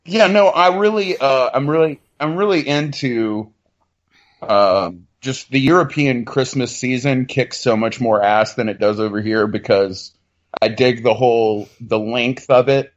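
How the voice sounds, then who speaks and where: A man riffs in casual podcast talk, loose and excitable, peppered with swearing and filler words. His voice sits at an average pitch, and the audio is dull and muffled. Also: a little slow.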